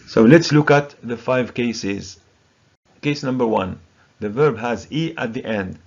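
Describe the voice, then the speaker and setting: A man teaching English grammar with a Moroccan accent, a native Moroccan Arabic speaker who drills each word slowly and deliberately. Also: mid-range voice, creaky, darkish tone, highs cut off. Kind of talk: recorded grammar lesson.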